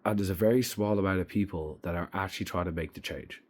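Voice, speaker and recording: A man's voice: low voice, fast talker, darkish tone, slightly rough. A young man giving a blunt, emphatic opinion monologue to camera, swearing freely. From Ireland. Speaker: vlogger.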